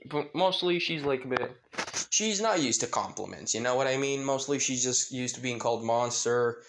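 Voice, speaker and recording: A man casually narrating a fan story, rambling with lots of fillers. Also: mid-range voice. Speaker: channel host and narrator.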